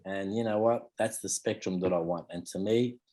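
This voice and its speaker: A man's voice: sits low, moderate pace, dark tone. An Australian man in his fifties, a martial arts teacher talking casually in an interview, rambling and leaning on fillers like "you know" and "mate". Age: 50s.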